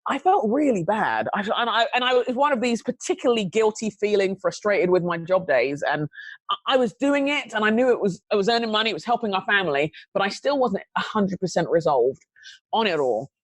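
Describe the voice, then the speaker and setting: A woman recounts a personal story, her pitch swinging widely as she talks. She restarts her sentences often and keeps an animated, conversational flow. The sound is dry and close, with no room around it. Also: brisk, no echo. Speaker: podcast guest.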